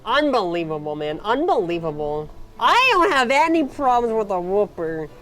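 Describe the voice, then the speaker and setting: A woman streamer in casual chat with her viewers, playful and dramatic, dropping to whispers and then bursting out loud. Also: medium pitch, sing-song, moderate pace, soft background music. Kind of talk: casual chat answering chat questions.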